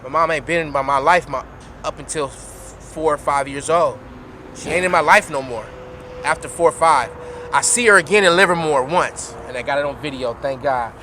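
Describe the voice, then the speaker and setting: A young man recounting a personal story in slangy, heartfelt casual talk, halting and repeating himself. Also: a little high, sharp tone. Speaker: podcast guest. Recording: noisy traffic in background.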